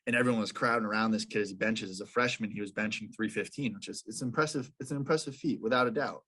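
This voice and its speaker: A man's voice: on the low side, fast, bright, forceful tone. A young man, a professional lacrosse player, telling stories as a guest in a casual podcast interview, with many fillers and restarts.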